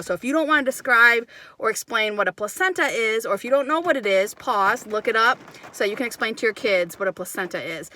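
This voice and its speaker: A woman's voice: a little high, bright, forceful tone, dry recording. A middle-aged woman from Wisconsin, telling a rambling story in a casual vlog, often cutting herself off. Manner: chatty, rambling, self-interrupting. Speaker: homesteading vlogger.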